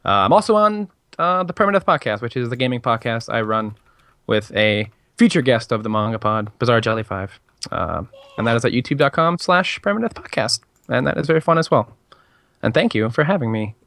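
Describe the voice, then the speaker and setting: A man's voice: medium pitch, lively intonation, a little fast, gravelly, a bit bright, no echo, clean studio sound. A man guesting on a podcast in casual chat, laid-back and rambling.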